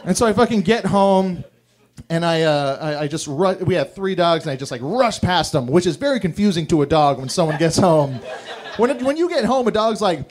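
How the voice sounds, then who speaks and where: A man's voice: high-pitched, animated, fairly quick, a crowd in the background. A young man performing a stand-up routine, telling crude, rambling, self-mocking stories. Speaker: stand-up comedian. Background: audience laughter.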